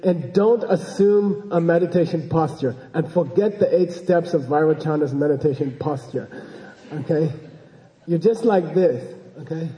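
A man's voice: on the high side, dark tone, in a large hall, low-quality recording. A man giving an informal dharma talk as a Buddhist teacher, rambling and joking and often checking in with his listeners.

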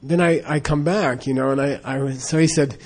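In a medium-pitched, darkish voice with a steady tone, a man tells a wandering, casual story fairly quickly. He uses many fillers and restarts and laughs often.

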